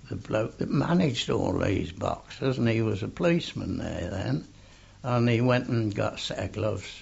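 An older man slowly telling an oral history story, full of fillers and a gravelly voice. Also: mid-range voice, darkish tone. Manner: slow rambling storytelling with many fillers. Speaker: interviewee. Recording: dull lo-fi tape recording.

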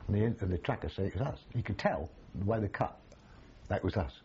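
An older man, recalling his army days in an animated, storytelling way, full of restarts. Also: on the low side, fairly quick, dull audio, slight background noise. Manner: animated, acts out quoted voices, frequent restarts. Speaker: army veteran interviewee. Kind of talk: storytelling reminiscence.

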